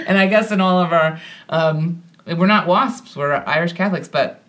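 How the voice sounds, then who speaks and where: An American woman casually telling a personal story on a podcast, animated and self-deprecating, laughing often as she talks. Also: fairly low pitch, a little slow, slight background noise. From United States.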